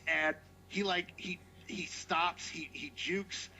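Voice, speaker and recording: Profane storytelling man, bright voice. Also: high-pitched, slow, vocal fry, rough recording. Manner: animated, profane, acts out quotes. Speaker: podcast co-host. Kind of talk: casual storytelling.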